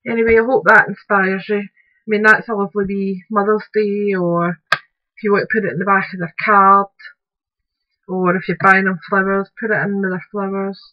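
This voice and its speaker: A woman's voice: mid-range voice, level tone, normal speed, dry recording, dull audio. A woman narrating a crafting tutorial, chatting along and muttering to her materials as she works.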